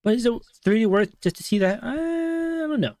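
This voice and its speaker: A man co-hosting a show, casually breaking down a movie in a rambling, animated retelling full of fillers. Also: very high-pitched, normal speed, no echo. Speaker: show co-host.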